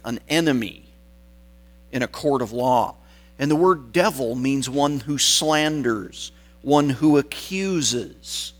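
A man preaching a sermon, stressing key words and pausing for weight between phrases. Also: medium pitch, poor audio. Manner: deliberate, emphatic phrasing with dramatic pauses.

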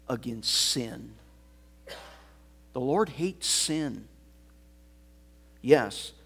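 A pastor preaching a sermon, swinging from loud emphasis to hushed, almost whispered words. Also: male voice, mid-range voice, slightly rough.

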